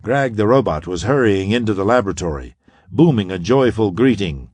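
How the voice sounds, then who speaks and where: Expressive male audiobook narrator. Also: on the low side, a little fast, breathy edge, no room sound. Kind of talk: scripted narration.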